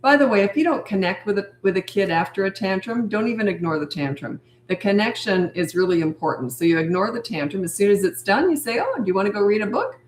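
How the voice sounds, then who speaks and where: A woman's voice: mid-range voice, expressive, fast talker, few pauses, echoey room, a little hiss or hum, rough recording. A woman parenting coach answering viewer questions on a live stream, blunt and firm, repeating her points. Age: older. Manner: blunt, firm, repetitive phrasing.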